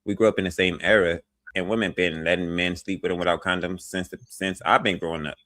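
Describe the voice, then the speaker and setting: A man's voice: deep voice, fairly even intonation, fast, sharp tone, no echo, clean studio sound. A man in his thirties, a panelist in a podcast debate, who stammers and insists on his point. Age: 30s. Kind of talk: casual debate.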